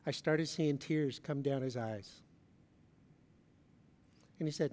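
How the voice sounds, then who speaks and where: A middle-aged man preaching a sermon, telling a personal story with swings between loud emphasis and soft, hushed moments. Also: medium pitch, takes it slowly, pauses often, long reverb tail. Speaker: pastor. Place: large church hall.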